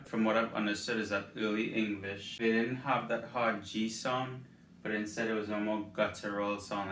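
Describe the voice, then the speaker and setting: A man giving a casual spoken tutorial on pronouncing old words, enunciating each one slowly and carefully. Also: on the low side, fairly bright tone. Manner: slow, careful enunciation of each word, with light self-deprecating asides. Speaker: rune pronunciation guide creator. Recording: roomy echo, distant from the mic, faint background hiss.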